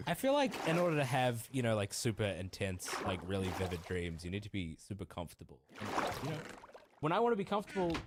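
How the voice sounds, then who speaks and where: A man's voice: on the low side, huge pitch swings, fast talker, noisy background. Enthusiastic man doing a casual ad read. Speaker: podcast co-host reading a sponsor spot.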